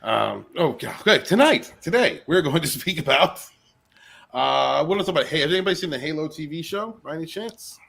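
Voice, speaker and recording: A man hosting a casual online panel chat, joking and animated, often talking over the others. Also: a little high, brisk, vocal fry. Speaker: host.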